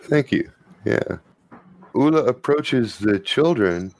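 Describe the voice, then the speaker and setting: A man narrating a tabletop game as game master, measured and hesitant with fillers. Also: medium pitch, lively intonation, darkish tone, low-quality recording.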